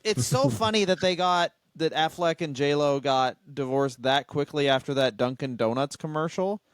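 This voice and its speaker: A comedy podcast co-host tells rambling stories in casual, comedic chat, acting out what people said. His voice is a little high and smooth at a moderate pace, captured in studio quality with no room sound.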